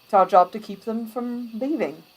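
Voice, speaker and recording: A woman's voice: fairly high pitch, moderate pace, pitched above the performer's own voice, lightly acted, low-quality recording. A woman game master voicing a curt gate guard soldier who warns travellers off. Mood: stern. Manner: curt, warning.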